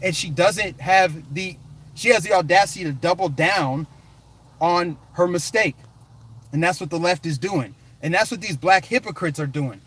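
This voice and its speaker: A man from the United States rants on a political vlog, hammering points in punchy, repeated bursts. His voice sits high for a man. The delivery stays combative and emphatic throughout. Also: moderate pace, fairly bright tone. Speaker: political commentary vlogger. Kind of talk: fired-up ranting commentary.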